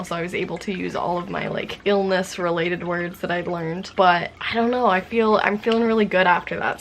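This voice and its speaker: A woman's voice: mid-range voice, gravelly, a bit bright, slight background noise. A young woman talking about her language studies in a casual, candid and self-reflective vlog chat. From United States. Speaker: language-learning vlogger.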